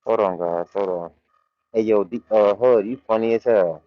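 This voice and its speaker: A man's voice: lowish voice, normal speed, no room sound, muffled recording. Laid-back man chatting on a livestream. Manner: loose, laid-back slang-heavy commentary with frequent laughs. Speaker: livestream host. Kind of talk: casual livestream chat. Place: warehouse.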